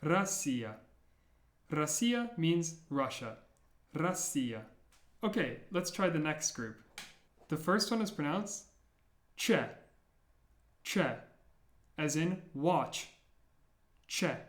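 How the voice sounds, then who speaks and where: A man teaching the sounds of an alphabet, repeating each one slowly and clearly, with playful memory tricks. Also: a little high, very animated, echoey room. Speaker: language teacher. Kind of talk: slow, deliberate pronunciation lesson.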